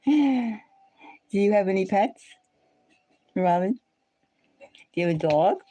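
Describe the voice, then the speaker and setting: Rambling, animated woman chatting live. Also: mid-range voice, slow pace. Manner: rambling, repeats phrases, animated. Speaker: live stream host chatting with viewers. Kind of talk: casual live-stream chat.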